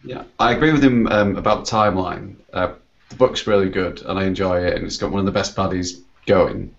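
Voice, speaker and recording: A man's voice: sits low, steady tone, a little fast, vocal fry. A man guest-hosting an online book show, talking casually and hesitantly with many fillers. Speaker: guest co-host, author. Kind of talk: casual chat. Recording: dull lo-fi web call.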